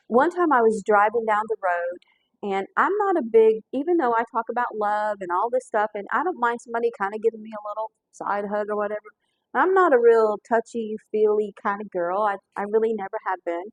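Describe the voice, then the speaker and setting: A woman's voice: mid-range voice, lively intonation, fairly quick, no echo, rough recording. A woman shares a heartfelt personal story as she cooks. Her talk is folksy and earnest, full of restarts, and she sounds close to tears. The sound is dry and close, with a mid-range voice. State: holding back tears. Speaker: pastor and cooking show host. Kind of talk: heartfelt storytelling while cooking.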